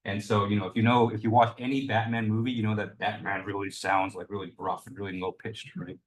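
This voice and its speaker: Hedging young male lecturer, lowish voice. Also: level tone, a little fast. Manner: loose and hedging, full of "you know" and "kind of". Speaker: university instructor. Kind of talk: university lecture.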